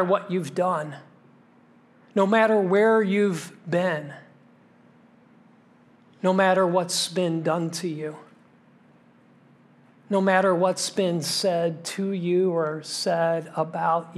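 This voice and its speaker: Pastor, male, higher register, slow deliberate preaching delivery, uses repetition and hushed moments. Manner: emphatic preaching, dropping to a hush for key lines; repeats phrases for rhythm. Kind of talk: sermon.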